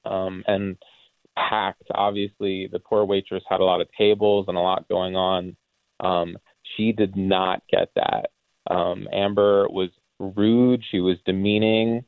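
A man calling in to a radio chat, talking haltingly with many ums and restarts. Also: low-pitched, flat delivery, smooth, no echo. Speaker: caller. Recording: tinny phone line.

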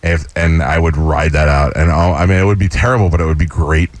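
A deep-voiced male podcast host who chats fast and rambles from one thought to the next. His voice comes across close and dry, with no room sound. The talk is casual and loose. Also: steady tone, no room sound. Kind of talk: casual chat.

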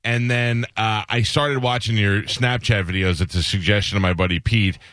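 A man's voice: lowish voice, moderate pace, fairly bright tone, no echo, studio quality. A middle-aged man from New York hosting a radio show, joking and laughing often with a caller. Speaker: radio host. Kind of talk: casual radio interview.

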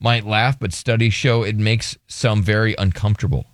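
A man's voice: on the low side, steady tone, moderate pace, dry recording, clean studio sound. A man hosting a radio show, joking around and reading headlines aloud in casual banter.

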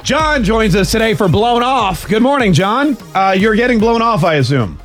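A man's voice: high-pitched, lively intonation, moderate pace, a bit bright, faint music behind. A man hosting a radio morning show call-in segment, teasing the caller in a playful, jokey way from a studio microphone.

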